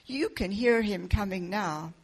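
A woman voicing a cheerful, friendly young boy in a storybook reading, with a gravelly, husky tone. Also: medium pitch, measured pace.

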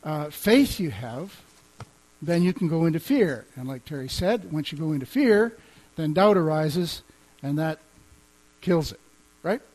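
Guy pastor teaching about faith, chatty, a bit high voice, slight hum. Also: lively intonation, a little slow, a little mellow, low-quality recording. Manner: conversational, chuckling, quotes scripture.

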